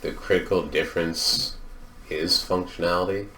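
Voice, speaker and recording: A man's voice: deep voice, fairly even intonation, moderate pace, pushed and bright, echoey room, recorded from a distance. A man co-hosting a podcast who muses in a dry, offhand way and swears casually. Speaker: podcast co-host. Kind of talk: casual chat.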